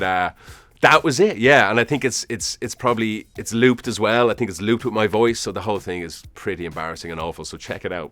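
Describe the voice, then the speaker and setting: A man's voice: on the low side, fairly bright tone. Chatty, self-deprecating man in his forties. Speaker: actor interviewee. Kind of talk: casual interview answers.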